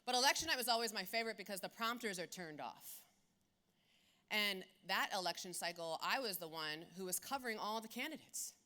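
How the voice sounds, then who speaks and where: A woman in her forties from South Philadelphia, telling stories in a keynote talk in an animated, blunt, profane way. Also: mid-range voice, fairly quick. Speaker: keynote speaker. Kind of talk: comedic storytelling keynote.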